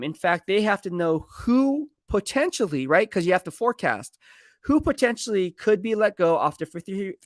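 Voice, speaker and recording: A man's voice: sits high, a bit bright, no echo, studio quality. A man, a sports beat writer, talking through team moves on a casual live stream in a rambling, conversational way and reading viewer comments aloud. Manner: rambling, conversational, self-correcting.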